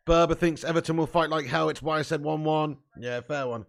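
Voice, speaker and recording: A man hosting a live football watch-along, commenting on play, cheering loudly and chatting casually with viewers. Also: a little high, brisk, creaky. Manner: excitable, bursts into loud cheering, swears freely, chats to viewers. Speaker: fan watch-along host.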